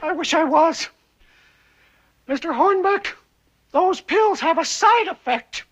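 A flustered businessman with a squeaky, strained voice in a 1960s sitcom. He sounds very high and worried. The old TV soundtrack is dull and lo-fi. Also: lively intonation, slow pace, fairly bright tone, exaggerated voice. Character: businessman whose voice went squeaky from pills.

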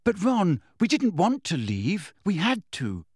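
An earnest teenage schoolgirl, bookish and easily exasperated, as a male audiobook reader puts her on. She talks in a lifted, brisk and rather prim voice. The sound is close and dry. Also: high voice, huge pitch swings, husky, no room sound, pitched above the performer's own voice, exaggerated voice.

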